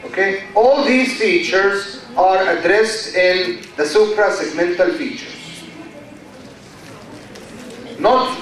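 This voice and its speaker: A man's voice: sits high, a bit bright. A man with an Egyptian accent, a university lecturer giving a classroom lecture, who repeats key terms and keeps checking with "okay?". His native language is Arabic. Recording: echoey hall, voice far from the mic.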